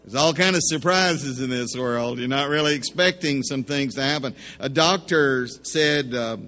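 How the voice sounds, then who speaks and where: A man's voice: mid-range voice, moderate pace, few pauses, sharp tone. A man preaching a sermon in a folksy way, telling jokes and acting out the voices in his stories. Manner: folksy joke-telling, acts out voices in anecdotes. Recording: long hall reverb.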